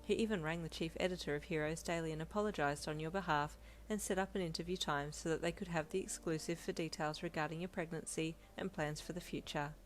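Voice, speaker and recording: A woman narrating a second-person fanfiction romance, steady and gentle. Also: sits low, fast talker, hardly any pauses, slight background noise.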